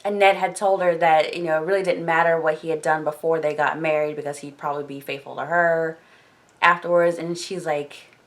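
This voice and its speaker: A woman vlogger retells a novel in a loose, chatty way. She leans on filler words as she goes, and her voice sits a little low. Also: little pitch movement, a little fast. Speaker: book discussion vlogger. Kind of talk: casual book recap.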